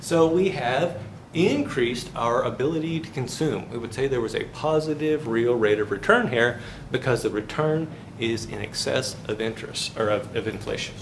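A man with a mid-range voice lectures on finance at a university at a moderate speed, cracking jokes, spinning stories, and questioning the class. Faint hiss and classroom echo color the recording.

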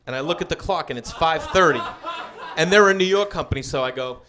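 A man performs stand-up on a club stage, his voice high and swinging wildly in pitch. He acts out both sides of a phone call as he tells the story. Loud audience laughter runs under the live recording. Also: animated, brisk. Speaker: stand-up comedian. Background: crowd laughter.

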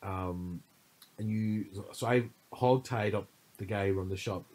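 Low husky guy, podcast co-host, rambling animated storyteller, casual chat. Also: a little slow, poor audio. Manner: animated storytelling, full of fillers.

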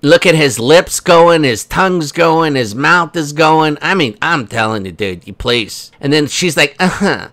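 A man's voice: fairly high pitch, lively intonation, unhurried, hardly any pauses, a bit bright, faint music behind. A man hosting a casual commentary video, rambling and sarcastic, with many fillers. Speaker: host.

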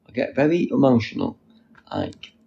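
A man's voice: mid-range voice, wildly swooping pitch, normal speed, creaky, dull audio. A man chatting casually on a live stream, reading out viewers' comments and answering them. He sits outdoors on a wall and talks into a phone.

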